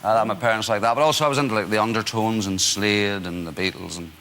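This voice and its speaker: A man's voice: fairly low pitch, quick pace, fairly bright tone, a little hiss or hum. A man in his forties with a Northern Irish accent, a talk show guest telling self-deprecating stories with lots of hesitations. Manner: self-deprecating, hesitant with many "uh"s, laughing often. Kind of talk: chatty anecdotes on a talk show.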